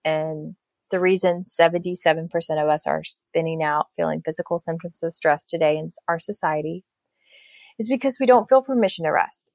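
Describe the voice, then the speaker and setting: A woman's voice: sits low, creaky, no room sound. A woman speaking as an author guest on a faith-based podcast, reflective and earnest, often restarting her sentences.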